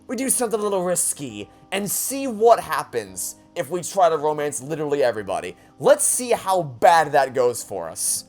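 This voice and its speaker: Stammering let's play host, exasperated and swearing, pitch leaps all over, soft game music behind. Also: big pitch swings, a little fast, hardly any pauses. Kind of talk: emotional let's play commentary.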